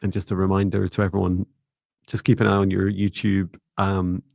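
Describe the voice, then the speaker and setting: A man with a gravelly, slightly low voice hosts a live psychic reading stream. He talks calmly and reassuringly and calls out to viewers by name. The sound is close and dry. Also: moderate pace, dry recording. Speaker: psychic reader, livestream co-host.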